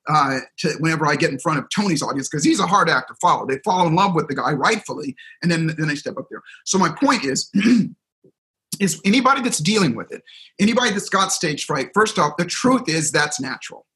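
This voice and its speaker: Energetic middle-aged male guest, a bit high-pitched, sharp bright tone, vivid storyteller. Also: a little fast, poor audio. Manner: energetic, acts out quotes and crowd reactions. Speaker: guest speaker, seminar trainer. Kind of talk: animated storytelling in a conversation.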